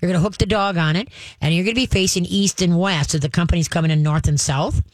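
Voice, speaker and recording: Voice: mid-range voice, fast, no echo. Emphatic dog trainer, dry close sound. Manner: emphatic, checks in with frequent "all right?", acts out growls and commands. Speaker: dog trainer giving advice. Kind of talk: advice conversation.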